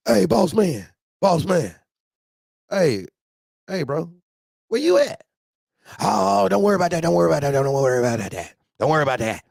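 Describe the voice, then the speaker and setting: A man's voice: a little high, sing-song, a little fast, vocal fry, a little mellow, dry recording, studio quality, voice pushed up, full character voice. A man voicing a pleading, evasive man who begs for money and keeps repeating himself. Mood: wheedling.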